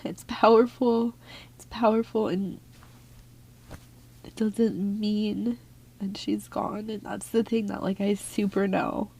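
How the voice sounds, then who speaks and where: A woman's voice: mid-range voice, fairly even intonation, takes it slowly, long pauses, darkish tone, husky. A woman doing a tea leaf reading for her viewers, talking in an earnest, heartfelt way. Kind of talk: casual spoken reading to viewers.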